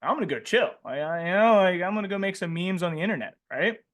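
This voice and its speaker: Talking fast in a high-sitting voice, a man coaches traders during a live webinar. He's animated and jokey with slang, quizzing the audience and constantly tacking "right?" onto his lines.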